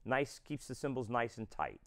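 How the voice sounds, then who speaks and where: A man's voice: medium pitch, big pitch swings, normal speed, a bit bright. A man teaching a drum lesson, explaining step by step and counting beats aloud. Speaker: drum instructor.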